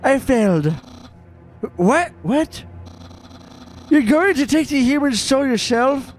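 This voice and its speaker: A man voicing an excitable male skeleton guard, shrill, stammering and out of breath as he reports. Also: slow, slight background noise, exaggerated voice. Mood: flustered.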